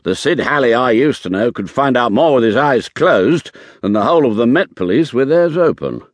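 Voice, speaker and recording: Brief: male narrator voicing a blustering older racing director, audiobook, lively indignant pitch, dry booth. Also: normal speed, no echo, close to an everyday voice. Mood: scornful. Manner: blustering and irritable. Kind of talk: audiobook character voice.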